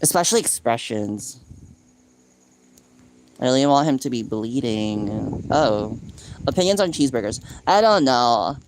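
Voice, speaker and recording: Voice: medium pitch, animated, measured pace, long pauses. A streamer chatting casually and playfully while drawing live, often breaking off mid-sentence, over faint background noise. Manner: rambling, playful, self-interrupting.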